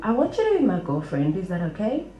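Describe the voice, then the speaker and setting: A woman's voice: mid-range voice, sing-song, fast talker, warm tone, lo-fi sound, slight background noise, natural voice. A woman voicing a pushy male cab driver who is blunt and insistent, in a roomy hall.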